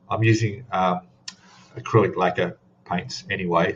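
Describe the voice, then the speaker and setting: A man's voice: lowish voice, dull audio, slight background noise. A man hosting a casual live stream, rambling chattily and greeting viewers by name. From Australia. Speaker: livestream host.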